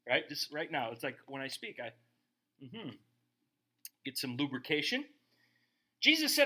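A middle-aged male pastor delivers a sermon in a high-pitched voice at a normal pace. He is emphatic and animated, and he often caps his points with rhetorical asides to the congregation.

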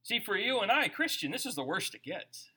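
A man preaching a sermon as pastor, conversational and animated, asking his listeners questions. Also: high voice, a little fast, slightly rough.

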